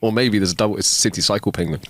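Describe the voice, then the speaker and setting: A man co-hosting a comedy podcast, telling listener jokes in a giggly, expressive storytelling way. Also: fairly low pitch, very fast, no echo. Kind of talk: casual comedy chat. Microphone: close studio mic.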